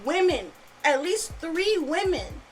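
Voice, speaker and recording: A woman's voice: very high-pitched, sing-song, takes it slowly, faint music behind, low-quality recording. A woman hosting a casual podcast, angry and swearing freely, repeating her points. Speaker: podcast host.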